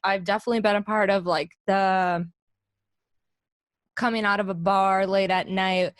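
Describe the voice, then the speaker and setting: A young woman co-hosting a podcast in casual chat, telling stories and acting out others with sudden high voices. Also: fairly even intonation, normal speed, no echo. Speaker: podcast co-host.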